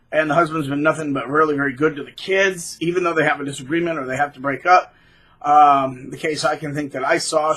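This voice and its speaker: A man speaks straight to camera in a casual, blunt rant on his own channel. His voice sits a touch high for a man, with a bright, forward tone and a husky edge. He sounds scornful of the people he is describing. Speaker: channel host.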